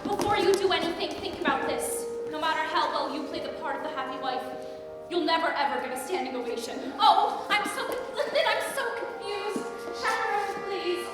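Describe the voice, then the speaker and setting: An actress playing a theatrical young stage-star bride, gushing and flighty, recorded live on stage. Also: female voice, very high voice. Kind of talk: live stage musical performance. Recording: echoey theatre hall with music.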